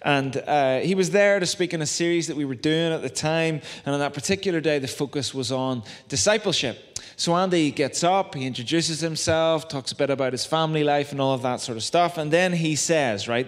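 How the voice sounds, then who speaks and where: A man's voice: a little high, a little fast. A young adult man with a Northern Irish accent preaching a sermon in a chatty, self-deprecating way, full of tag questions. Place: church hall. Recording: long reverb of a church hall.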